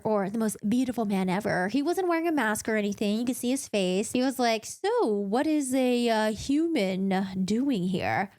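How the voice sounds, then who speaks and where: A young adult woman vlogger recapping a book in a chatty, animated way, with asides. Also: a little high.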